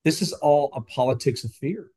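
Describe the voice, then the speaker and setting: A man's voice: medium pitch, lively intonation, normal speed, mellow, breathy edge. A man speaking as a podcast guest, emphatic and insistent, often repeating words as he builds his point. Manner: emphatic, repetitive, argumentative. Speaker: guest, nuclear industry advocate. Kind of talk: passionate interview talk.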